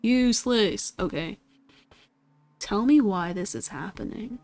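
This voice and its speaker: A woman's voice: medium pitch, expressive, measured pace. A woman streaming herself at her computer, chatting casually to herself and getting exasperated and swearing at the game. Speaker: gaming streamer. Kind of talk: casual chat while playing a computer game.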